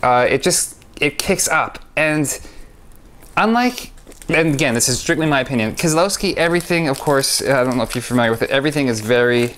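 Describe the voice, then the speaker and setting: A man's voice: medium pitch, expressive, a little fast, a bit bright. A man who performs magic, talking casually to camera about a trick he likes, rambling and correcting himself as he goes. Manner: rambling, stop-start, self-correcting; enthusiastic. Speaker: magician reviewing his own trick.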